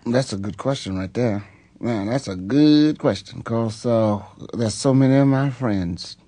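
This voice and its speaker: A man who is a pastor and singer, telling his story in an interview with many hesitant pauses and heartfelt outbursts. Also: on the low side, dry recording. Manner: animated testimony full of hesitations.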